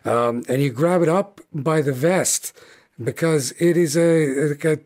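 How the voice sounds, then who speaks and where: A man's voice: on the high side, slow, darkish tone. A man narrating as game master, rambling with many fillers and restarts.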